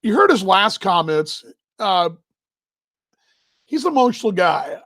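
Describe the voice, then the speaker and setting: A man with a high, dry voice hosts a casual baseball live stream. He rambles warmly, restarts his sentences and gets emotional. His voice sits right on a close microphone with no room sound. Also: sing-song, unhurried, gravelly, no echo. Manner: rambling, emotional, talks while handling gear. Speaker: baseball broadcaster hosting a live show.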